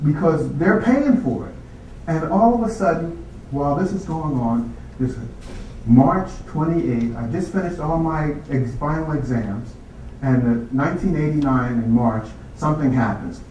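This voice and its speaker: A man's voice: a little high, unhurried, slight background noise. A man telling stories from his life to an audience, acting out the voices of the people in them. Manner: acts out others' voices, animated. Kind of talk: storytelling talk. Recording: echoey hall from far off.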